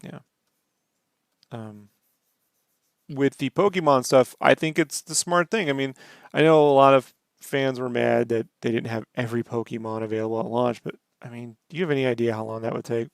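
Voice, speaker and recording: A man's voice: medium pitch, steady tone, moderate pace, vocal fry, clear, resonant tone, no room sound, clean studio sound. A man co-hosting a casual podcast, laid-back and joking, swearing freely as he talks games. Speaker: podcast co-host. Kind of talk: casual chat.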